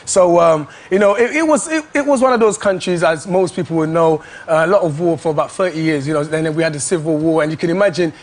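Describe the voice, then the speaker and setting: A young man from Congo, a comedian telling animated stories on a chat show. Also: on the high side, quick pace, few pauses. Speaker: comedian guest. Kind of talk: comic storytelling on a chat show. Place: TV studio.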